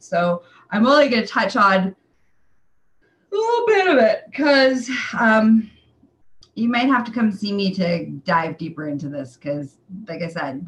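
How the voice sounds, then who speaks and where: Woman wellness coach, mid-range voice, relaxed and lively, talks to camera like a chat. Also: medium pitch, rough recording. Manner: animated and conversational, with many fillers. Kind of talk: casual explanatory monologue.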